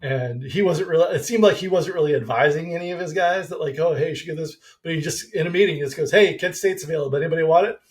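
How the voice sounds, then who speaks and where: A man's voice: on the high side, quick pace, few pauses. A man co-hosting a podcast, chatting casually with frequent restarts. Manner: relaxed, hesitant with restarts. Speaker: podcast co-host. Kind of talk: casual chat.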